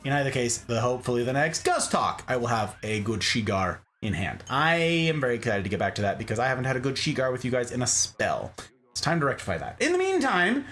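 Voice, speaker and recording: A man's voice: mid-range voice, fairly bright tone, slight background noise. A man hosting a casual livestream chat from his desk, joking playfully with viewers as he reads their messages. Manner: playful, jokey asides to chatters. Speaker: host. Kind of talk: casual chat reading live chat. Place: home desk.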